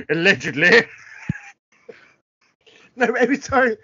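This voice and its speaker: Giggly high-voiced male podcast host. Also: bright, forceful tone, slightly rough, muffled recording. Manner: giggly, jokey, laughs often. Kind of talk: tipsy casual chat.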